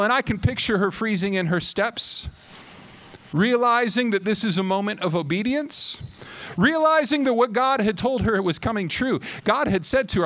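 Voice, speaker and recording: Young man, high voice, energetic preacher; plays out dialogue, pushes to near-shouts at the big moments. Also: normal speed. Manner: animated, acts out quotes, rises to near-shouting climaxes. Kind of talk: sermon.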